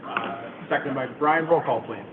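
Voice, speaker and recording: A man chairs a city committee meeting, moving business along in brisk procedural phrases. He sounds set back from the mic. The audio is thin and phone-like, with a loud hiss underneath. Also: mid-range voice. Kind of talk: running a meeting. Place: council meeting room.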